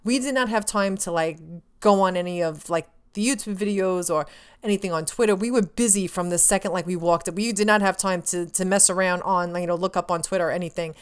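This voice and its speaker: Woman vlogger, casual storyteller, low-pitched and clear, gushing and chatty with lots of filler. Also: fairly quick. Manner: excitable, rambling, filler-heavy, acts out her own remarks.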